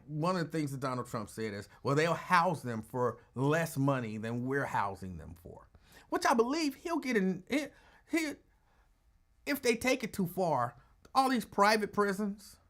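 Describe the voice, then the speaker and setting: A man hosts a call-in talk radio show in an easygoing, animated way. His voice sits a bit higher than most men's, and he drifts into quick asides. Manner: animated, conversational, drops into asides.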